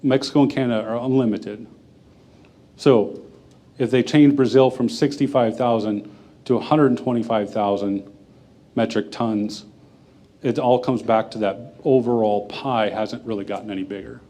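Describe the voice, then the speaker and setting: A man answers audience questions after a talk in a plain, conversational way. His voice is warm and mellow at an average pitch. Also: fairly even intonation, moderate pace. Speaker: guest speaker. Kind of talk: Q&A answers at a forum.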